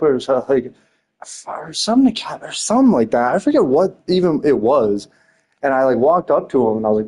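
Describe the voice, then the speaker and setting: A man's voice: medium pitch, sing-song, quick pace, warm tone. A young man telling rambling stories in casual chat, laughing often, swearing and filling his talk with slang.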